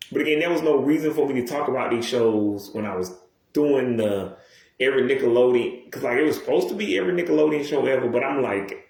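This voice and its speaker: A man's voice: medium pitch, creaky. A man talking to his video audience in a rambling, casual monologue, full of digressions, restarts and swearing. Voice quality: profane, digressive, many restarts. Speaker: YouTuber. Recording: roomy echo.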